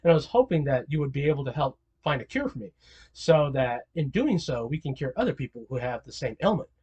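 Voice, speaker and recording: A man voicing a smooth, courteous male demon villain who makes a careful, polite request in a hushed, measured way. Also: medium pitch, big pitch swings, muffled recording, voice pushed down. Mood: politely persuasive.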